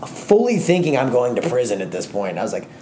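A young man co-hosting a podcast, telling a long profane story in a rambling, animated way. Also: mid-range voice, fast, slight background noise. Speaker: podcast co-host. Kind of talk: casual storytelling chat.

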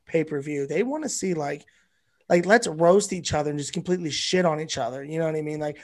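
A man's voice: a little high, brisk, darkish tone. A male comedian guesting on a podcast, telling a rambling, profane story in casual chat.

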